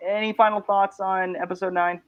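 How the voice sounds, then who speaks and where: A man's voice: sits high, level tone, a little fast, slight background noise. Rambling man hosting a lo-fi panel chat. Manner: rambling, restarts, laughs often. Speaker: host.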